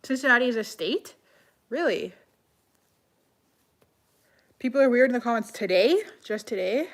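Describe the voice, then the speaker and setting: A woman talks off the cuff on a live stream, answering viewer comments one after another. Her voice sits a little high, and her speech is loose and chatty, full of "like" and quick restarts. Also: lively intonation. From Canada. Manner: chatty, heavy use of "like", quick self-corrections. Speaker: livestreamer reading comments. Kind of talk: casual live-stream chat.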